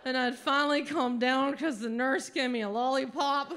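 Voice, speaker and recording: A woman doing a stand-up routine on a comedy stage, telling a story slowly with sudden loud outbursts. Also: high voice, fairly even intonation, slight background noise. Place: comedy stage before a live audience.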